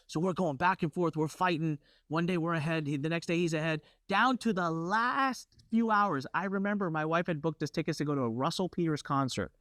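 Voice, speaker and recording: A middle-aged man hosting a workshop, telling a brash, competitive story with lively asides. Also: on the high side, a little fast, no room sound, studio quality. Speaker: workshop host.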